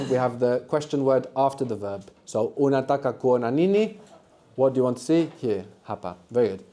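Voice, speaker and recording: A dark-toned man of medium pitch teaches university students in a lecture room. Running a live language workshop, he patiently draws them out with questions and answers.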